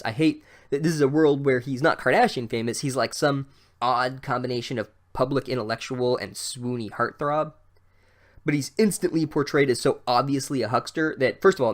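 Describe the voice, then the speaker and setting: Male podcast host, comedic book recap; sarcastic, profane, rambling, mid pitch.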